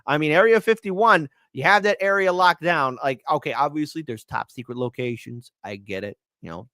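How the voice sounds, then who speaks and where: A man's voice: on the high side, normal speed, bright, forceful tone, no echo, studio quality. A man co-hosting a casual podcast, talking animatedly and slipping into mocking voices as he riffs. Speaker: guest co-host.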